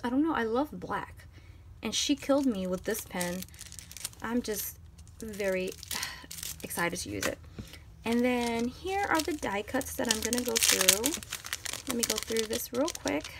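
A woman's voice: a little high, vocal fry, noisy background. A woman chatting to her viewers as she unboxes planner supplies, gushing over each item as she handles it. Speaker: planner vlogger. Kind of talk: casual unboxing haul.

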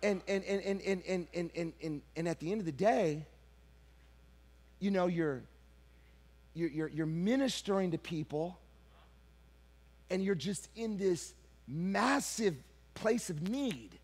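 A middle-aged man preaching a sermon as pastor, swinging between loud shouting and hushed, low confession, repeating words when he gets worked up. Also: takes it slowly, pauses often. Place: church sanctuary.

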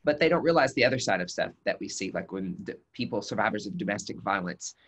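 A man's voice: on the low side, fast talker. A man, a nurse injector, chatting casually as a webcast guest and telling stories with acted-out quotes. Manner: animated storyteller, acts out quotes.

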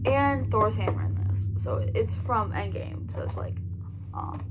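A woman's voice: fairly high pitch, expressive, slow pace, slight background noise. Gushing, chatty young-sounding woman vlogger. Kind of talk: casual gift haul vlog.

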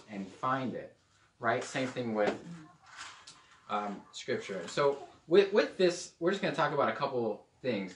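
A man's voice: mid-range voice, slight background noise. Chatty preacher man, echoey room. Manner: chatty and joking, with playful put-on accents. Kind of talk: casual teaching sermon. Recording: echoey room, mic at a distance.

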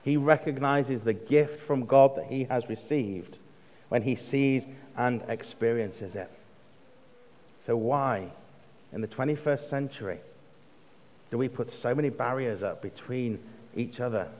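A man with an English accent preaching a sermon in a measured way, slowing for emphasis and dropping to a hush on quoted words. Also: mid-range voice. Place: church. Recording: long reverb of a church hall.

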